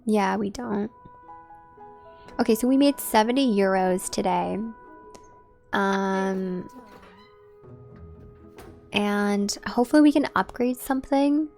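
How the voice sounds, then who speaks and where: A woman's voice: medium pitch, slow pace, gravelly, pauses often, a little mellow, faint music behind. A woman live-streaming a game, chatting casually and directly with her viewers. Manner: chatty, talks straight to her chat.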